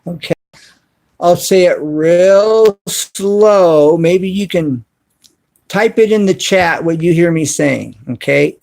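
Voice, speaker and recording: A man hosting a casual live stream from his cell phone, talking to viewers in the chat and spelling words out slowly and deliberately. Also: sits high, gravelly, a little mellow. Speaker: YouTube channel host live streaming.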